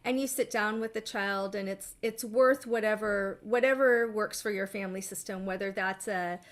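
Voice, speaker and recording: A middle-aged woman therapist explaining steps in a measured way, often checking in with "right?". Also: medium pitch, fairly even intonation. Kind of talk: therapy session talk.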